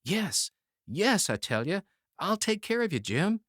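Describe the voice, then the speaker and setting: A man performs an exaggerated voice, pitched above his own, as a panicked young Union private who cries out and stammers in horror, pleading. His high voice swings widely in pitch at a measured pace, a bit bright, in a clean studio recording with no room sound.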